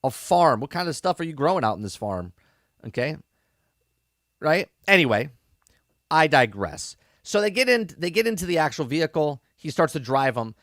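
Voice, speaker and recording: A man's voice: a little high, big pitch swings, normal speed, a bit bright, no room sound, studio quality. A man hosting a podcast, giving a casual, rambling review of a TV episode with sarcastic asides. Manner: rambling, checks in with "okay?" and "right?".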